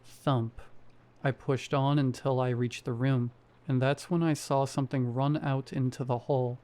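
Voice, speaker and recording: A man reading a first-person horror story aloud in a steady storytelling manner. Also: medium pitch, a little slow. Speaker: story narrator. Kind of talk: scripted horror narration.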